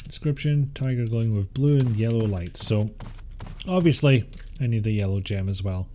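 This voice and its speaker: A man's voice: lowish voice, lively intonation, normal speed, warm tone, a little hiss or hum. Dry-humored British man streaming a game. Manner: dry, self-mocking, mutters to himself. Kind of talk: casual gameplay commentary. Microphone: close mic with voice compressor. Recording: game music behind.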